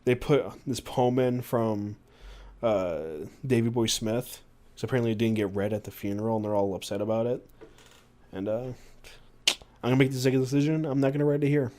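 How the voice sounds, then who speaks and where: A man of middle pitch hosts a podcast and reads book passages aloud at an unhurried pace. Between readings he chats loosely, filling pauses with ums and uhs. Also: fairly even intonation, dark tone. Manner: unhurried, with many fillers. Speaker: podcast host.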